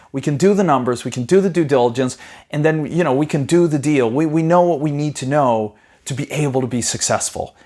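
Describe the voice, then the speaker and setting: A man, a property investing educator, telling his personal story in a conversational way, full of "you know" and quick restarts, livening up when he retells conversations. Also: fairly high pitch.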